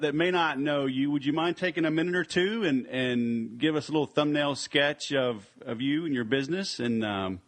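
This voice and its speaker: A man with an American accent hosting a sales podcast, upbeat and chatty, with lots of fillers and a joke. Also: medium pitch. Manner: upbeat, filler-heavy, tells jokes. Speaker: podcast host.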